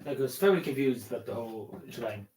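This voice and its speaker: A man with a Cavan Irish accent narrates his travel photos in a loose, rambling vlog. His voice is hoarse and sits at an ordinary middle pitch. He circles back on his points and drops in the odd swear word. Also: lively intonation, fast talker, background noise. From Ireland. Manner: rambling, repetitive, swears casually. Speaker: vlogger.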